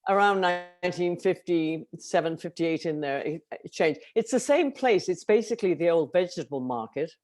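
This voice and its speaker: An older woman from Liverpool with a softened Liverpool accent, chatting as an interview guest and telling stories. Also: lowish voice, animated. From England. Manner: chatty storyteller, quick affirmations. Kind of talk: casual interview chat.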